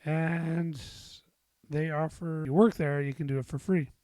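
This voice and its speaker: Slow, rambling middle-aged man. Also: fairly high pitch, fairly even intonation, mellow, no room sound. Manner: rambling and self-deprecating, with frequent fillers and swearing. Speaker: podcast host. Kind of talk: casual solo podcast monologue.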